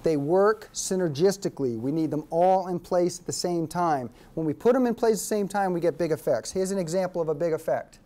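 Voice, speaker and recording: A man presenting a workshop lecture to an audience, an animated storyteller who repeats key points for emphasis. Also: high voice, a little fast, few pauses.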